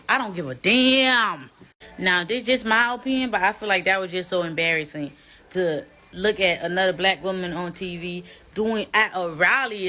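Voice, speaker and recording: A woman's voice: mid-range voice, bright, forceful tone. A woman giving a blunt, exasperated casual rant straight to camera. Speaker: social media commentator.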